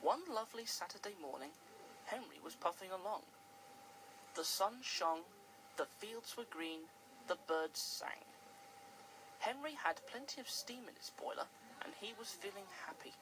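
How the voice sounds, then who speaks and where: Slow, expressive storybook narrator. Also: mid-range voice, noisy background. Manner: expressive, swooping delivery.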